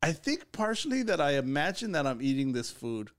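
A man's voice: a little high, very animated, brisk. A young man co-hosting a podcast in casual banter, joking and rambling with frequent laughs. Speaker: podcast co-host.

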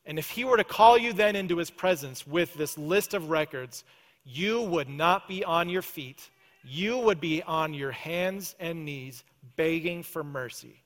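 A male pastor preaching a sermon, earnest, often dropping to a soft, intense prayer voice. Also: a little high, unhurried. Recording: church hall reverb.

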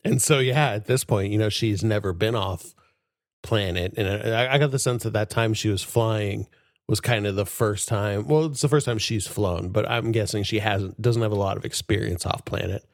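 Dude on a podcast, chatty, laughs a lot, lowish voice, dry mic. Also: male voice, normal speed, dry recording. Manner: enthusiastic, laughs often, many fillers. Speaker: podcast co-host. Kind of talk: casual chat.

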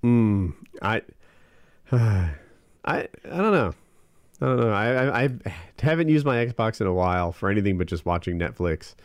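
A man's voice: on the low side, expressive, normal speed, smooth, no room sound. A man in casual chat, laid-back, with dry jokes and hesitant starts. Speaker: co-host.

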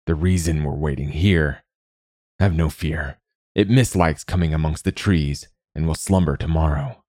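A man doing a calm old sage. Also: rumbling low, unhurried, dry recording, clean studio sound. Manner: calm, soft-spoken.

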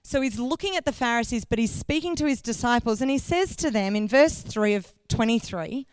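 A woman's voice: fairly high pitch, lively intonation, fairly quick, few pauses, smooth, no echo. A woman giving a sermon in a conversational way, asking the congregation questions and correcting herself as she goes. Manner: loses her place, corrects herself mid-sentence. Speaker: guest preacher.

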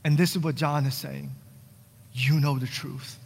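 A man's voice: mid-range voice, steady tone, unhurried, creaky, husky. A young adult man from New Jersey preaching a sermon to his congregation, conversational and earnest, mixing joking asides with pleading calls to his church. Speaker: pastor. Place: church sanctuary. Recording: long church hall reverb.

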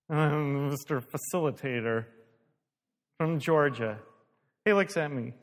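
A man's voice: fairly high pitch, takes it slowly, pauses often. A male pastor preaching a sermon, telling a story animatedly, acting out the dialogue and laughing at himself. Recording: long hall reverb.

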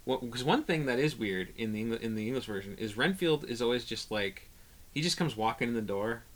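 A man in casual conversation about old films, talking haltingly with many restarts and bursts of animation. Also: medium pitch, expressive. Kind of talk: casual film discussion.

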